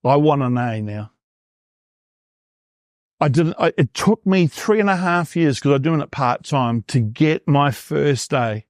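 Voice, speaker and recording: A man's voice: fairly high pitch, animated, measured pace, dry recording, clean studio sound. A New Zealand man in his fifties, a performance coach telling his story in an interview and acting out his past thoughts. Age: 50s.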